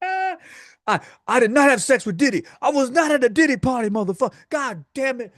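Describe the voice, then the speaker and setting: A man's voice: very high-pitched, animated, normal speed, a bit bright, no echo, studio quality, pitched above the performer's own voice. A man doing a profane, indignant impression of a male ex-fighter streamer ranting denials.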